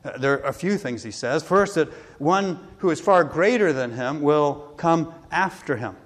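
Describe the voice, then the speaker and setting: A man preaching a sermon, earnest and steady, quoting scripture with rising emphasis. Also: a little high, a little slow. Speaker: pastor. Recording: long hall reverb.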